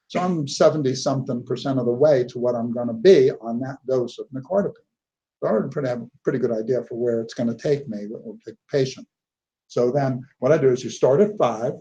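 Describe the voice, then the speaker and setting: Heard through a muffled recording, a man with a warm, mid-range voice teaches neurology in a lecture hall. He keeps things conversational and anecdotal, telling clinical stories and repeatedly checking in with "okay?"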